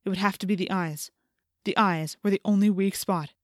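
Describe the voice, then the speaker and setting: A woman reading a first-person audiobook in a measured, steady storytelling voice that climbs in intense passages, on a close studio mic. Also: medium pitch, heavy background noise. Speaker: audiobook narrator.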